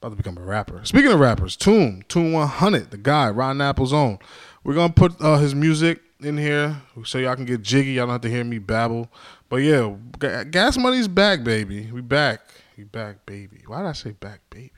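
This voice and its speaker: Lively in intonation and brisk in pace, a man with a mid-range voice hosts a solo podcast, recorded dry with clean studio sound. His monologue is casual and rambling, full of jokes at his own expense.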